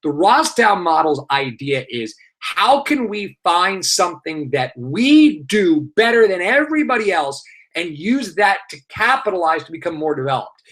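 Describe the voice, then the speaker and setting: A man's voice: high-pitched, very animated, normal speed, fairly bright tone. A male teacher with a New York accent, running a live online exam review and explaining terms through rhetorical questions and many filler sounds.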